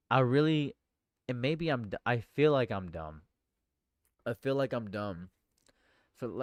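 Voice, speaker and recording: Outraged streamer, clear close voice. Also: male voice, medium pitch, no echo. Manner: exasperated, swings from shouting outrage to muttering; repeats phrases, stammers and restarts. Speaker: political commentary streamer. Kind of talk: live-stream commentary, reading news aloud.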